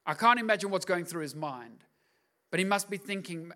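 High-voiced pastor preaching in slangy asides. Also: male voice, animated, moderate pace, fairly bright tone. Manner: casual slangy storytelling with acted-out asides. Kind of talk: sermon.

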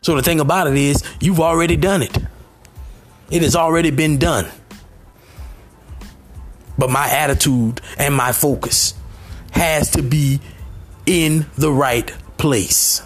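A man delivers a motivational sermon in a somewhat high, husky voice. He repeats short phrases again and again and climbs toward shouting at the peaks. Faint music plays underneath. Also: steady tone, a little slow, pauses often. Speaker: motivational speaker.

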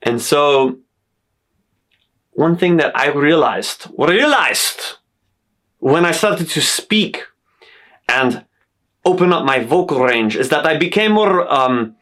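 A man's voice: fairly high pitch, animated, slow pace, pauses often, a bit bright. A man giving a motivational self-help talk, listing uplifting affirmations in an earnest tone, speaking in a stylized accent he invented for himself.

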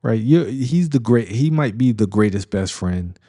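A middle-aged man with a lowish, mellow voice talks at normal speed in an animated way. Hosting a podcast, he casually reviews a comedy film in a rambling monologue full of ums, restarts, and chuckles.

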